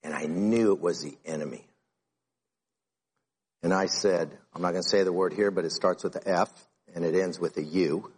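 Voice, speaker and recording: Husky-voiced man preaching casually. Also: low-pitched, moderate pace, long pauses. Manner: conversational preaching, retelling talks with rising intensity. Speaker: pastor. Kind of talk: sermon.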